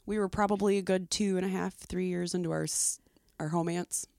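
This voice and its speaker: A woman's voice: on the low side, fairly even intonation, fairly quick, gravelly, darkish tone, dry recording, studio quality. A woman podcast host telling stories in casual chat, blunt and profane, laughing often.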